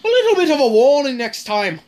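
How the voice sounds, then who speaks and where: A woman's voice: high-pitched, very animated, fairly quick, darkish tone. A woman giving casual, sweary commentary while playing a zombie game. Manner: casual, swears often, drawls. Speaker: gamer. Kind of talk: gaming commentary.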